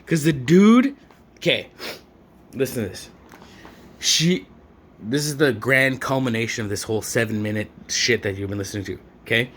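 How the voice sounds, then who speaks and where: A young man vlogging a long, rambling story about an ex. He swears freely and leans on slang and filler words. His delivery is loose and conversational, with a middling pitch for a man. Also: a bit bright.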